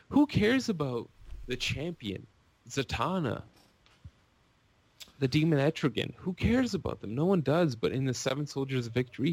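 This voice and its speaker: Gravelly man ranting excitedly. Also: mid-range voice, no echo. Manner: excitable, rambling, gushing. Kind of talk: casual podcast rant.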